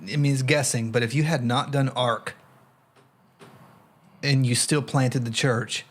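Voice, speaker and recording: A man hosting a podcast interview, asking questions in a relaxed way. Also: medium pitch, measured pace. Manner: relaxed, brief prompts. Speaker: podcast host.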